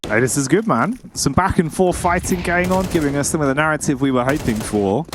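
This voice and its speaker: A man's voice: a little high, animated, a little fast, background noise. Laid-back male esports colour caster. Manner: laid-back, joking banter. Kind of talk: colour commentary.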